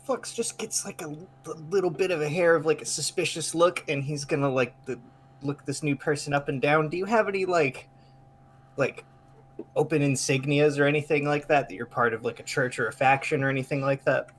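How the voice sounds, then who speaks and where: A man's voice: a little high, fairly quick, a little hiss or hum. A man playing in a tabletop game who speaks for his character, rambling with many fillers. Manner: rambling, full of fillers and restarts. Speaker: player voicing his character. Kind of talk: tabletop role-play, in and out of character.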